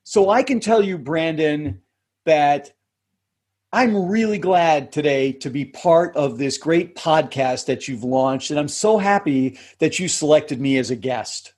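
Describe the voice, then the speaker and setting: Male coach, husky tenor, measured explanatory delivery. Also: a little mellow. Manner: measured, explanatory, drops pitch to end points. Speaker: communication coach, podcast guest. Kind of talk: interview conversation.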